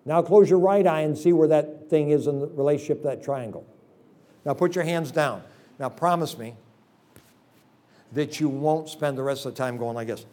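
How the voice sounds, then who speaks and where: A man's voice: on the high side, moderate pace, mellow. A man preaching a revival sermon to a congregation in a church, telling folksy jokes and leading the audience through a hands-on exercise. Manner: folksy, joking storyteller. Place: church service.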